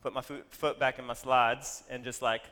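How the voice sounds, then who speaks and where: A man telling a personal story to an audience, animated and full of self-deprecating asides. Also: mid-range voice, moderate pace, long reverb tail.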